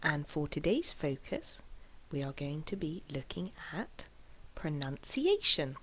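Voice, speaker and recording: A woman teaching an English lesson, speaking with careful, deliberate enunciation and exaggerated syllable stress. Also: low voice, sing-song, fairly bright tone. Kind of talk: scripted lesson delivery.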